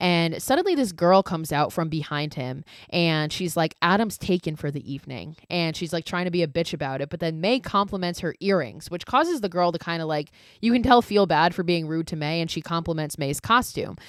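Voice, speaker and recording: On her podcast, a woman with a fairly low voice casually recaps a horror movie, peppering her talk with "like" and swear words. She's expressive and clear with a resonant tone, talking fairly quickly with hardly any pauses. She sits close to the mic in a dry, dead-sounding space with no room sound.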